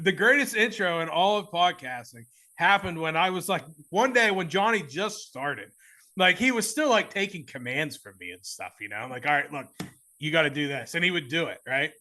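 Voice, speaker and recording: A man with a Southern American twang hosting a casual podcast, excitable and rambling, laughing often. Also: on the high side, fairly quick. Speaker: podcast host. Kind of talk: casual chat.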